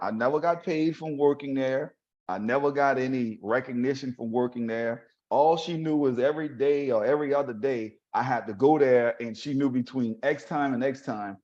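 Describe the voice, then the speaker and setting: A man, a podcast host telling a story to his listeners in a loose, lively way. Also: medium pitch. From New Orleans, USA. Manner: animated, talks straight to listeners with chuckles. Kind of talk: casual storytelling monologue. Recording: dull lo-fi audio.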